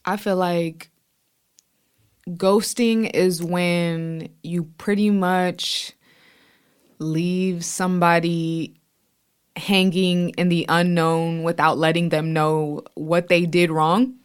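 A young woman co-hosting a podcast, chatting casually in a calm, measured way. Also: fairly low pitch, clear, resonant tone. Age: young adult. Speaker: podcast co-host. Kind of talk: casual chat.

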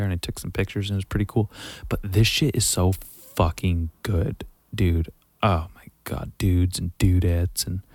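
A man's voice: low voice, a little mellow, dry recording. A man hosting a solo podcast, rambling casually, swearing constantly and correcting himself mid-sentence. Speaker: podcast host.

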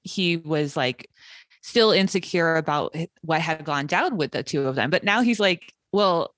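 A woman's voice: deep voice, expressive, normal speed, a bit bright, no room sound. A young woman co-hosting a podcast, chatting casually about a TV episode, quoting characters and laughing mid-sentence. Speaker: podcast co-host. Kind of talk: casual chat recapping a TV show.

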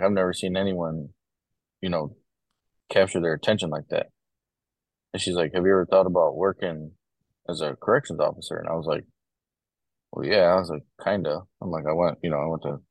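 A man's voice: deep voice, vocal fry, slightly rough, dry recording, rough recording. A young man, a corrections officer, telling stories in casual conversation, loose and full of fillers. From Ohio, US. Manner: relaxed storytelling, many fillers. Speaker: podcast guest, corrections officer.

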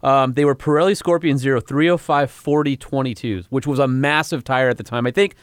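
A man's voice: mid-range voice, fairly quick, smooth, no room sound. A male co-host and car journalist, chatting casually and rattling off technical numbers with enthusiasm. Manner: enthusiastic about technical specs, recites numbers. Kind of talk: casual chat.

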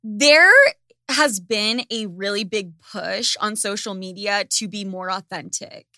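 A woman's voice: mid-range voice, slow pace, bright, forceful tone, no echo, studio quality. A woman hosting a casual chat, ranting sarcastically and swearing freely. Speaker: podcast host.

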